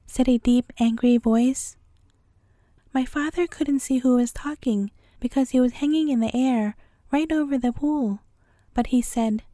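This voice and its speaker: A woman reading a bedtime story aloud in a gentle, even storytelling manner. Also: sits high, a little slow, no echo.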